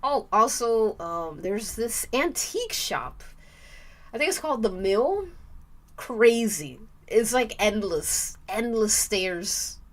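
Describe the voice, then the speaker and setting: A woman's voice: a little high, lively intonation, takes it slowly. A young woman streaming while she draws, chatting casually and rambling with the odd swear word. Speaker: art streamer.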